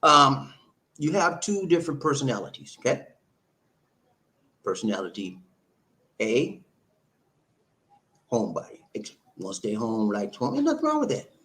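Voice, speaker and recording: A middle-aged man hosting a live stream, giving relationship advice in a loose, animated, repetitive way and laughing often. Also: mid-range voice, moderate pace, pauses often. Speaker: host answering viewer comments.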